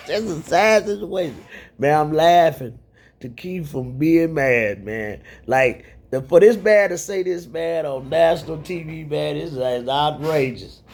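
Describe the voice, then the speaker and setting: A man delivers a heated, profane rant, circling back and repeating his points. His voice sits high for a man. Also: animated, a little slow. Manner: rambling and repetitive, profane, heated. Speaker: commentator. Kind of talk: ranting commentary.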